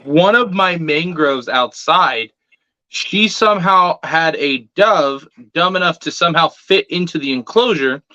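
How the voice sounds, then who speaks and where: A man with a high, sharp, bright voice tells a story casually and with lots of energy, swearing freely and acting out each exchange. The sound is dry and close, with a dull, lo-fi quality. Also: unhurried, no echo. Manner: animated, swears freely, acts out quotes. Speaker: reptile keeper telling a story.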